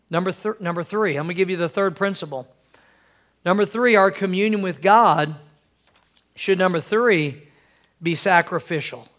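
High-pitched preaching man. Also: a bit bright. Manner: preacherly, calls for amens, acts out quoted wives in a high voice. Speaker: pastor. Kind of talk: sermon.

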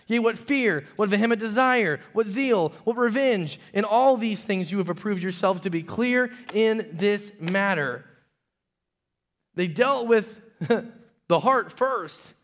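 Storytelling pastor with lively swings. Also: male voice, fairly high pitch. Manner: storytelling, swings from loud emphatic peaks to quiet hushed confession. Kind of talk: sermon.

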